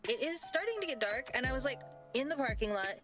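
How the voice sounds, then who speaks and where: A woman's voice: high voice, big pitch swings, fast. A woman talking casually to her camera in a parking lot at night. She is chatty and rambling, and scatters "like" through her sentences. Faint music runs underneath. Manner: chatty, many "like" fillers. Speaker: vlogger. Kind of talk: casual vlog talk.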